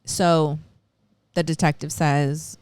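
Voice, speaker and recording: A woman's voice: low voice, level tone, slow, darkish tone, clean tone, dry recording. A woman co-hosting a podcast, casually retelling a true-crime story, acting out quotes and swearing freely. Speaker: podcast co-host.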